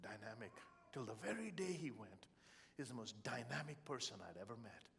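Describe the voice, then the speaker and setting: Middle-aged man, motivational speaker, expressive storytelling, humorous, mid-pitched voice. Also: moderate pace, vocal fry, a little hiss or hum. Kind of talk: live motivational talk.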